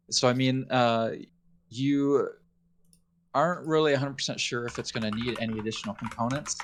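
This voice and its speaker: A man narrating as game master, hesitant with many pauses and fillers. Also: on the low side, slight background noise. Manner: hesitant, many ums and restarts. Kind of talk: narrating a tabletop game over voice chat.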